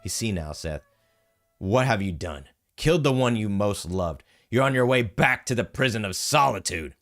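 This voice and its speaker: A man's voice: on the low side, moderate pace. A man doing a cold, mocking male villain. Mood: contemptuous. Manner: soft, flat and mocking. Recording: music playing behind.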